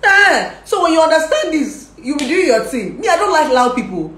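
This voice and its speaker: Nigerian-accented young woman, talkative vlogger, lively advice chat; roomy, echoey recording. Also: high-pitched, moderate pace, slight background noise. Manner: lively, talkative, laughs often, slips into Pidgin. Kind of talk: casual advice vlog.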